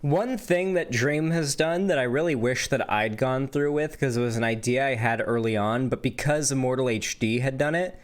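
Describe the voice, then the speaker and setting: Guy streamer ranting at his chat, swears a lot, blunt, mid pitch. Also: normal speed, hardly any pauses. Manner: blunt, profane, talks to chat. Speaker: streamer reacting to a video. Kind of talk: casual livestream commentary.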